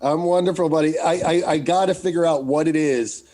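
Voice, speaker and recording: A man's voice: on the high side, fairly quick, dark tone. An American man co-hosting a podcast, chatting casually and telling rambling, jokey stories. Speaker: podcast co-host. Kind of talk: casual chat.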